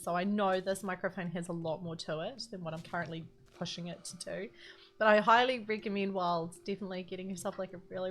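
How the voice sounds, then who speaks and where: A woman's voice: fairly low pitch, fairly bright tone. A woman with a New Zealand accent chatting casually on a live game stream, rambling and giggling often. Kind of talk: casual live-stream chat while gaming. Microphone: standalone studio mic.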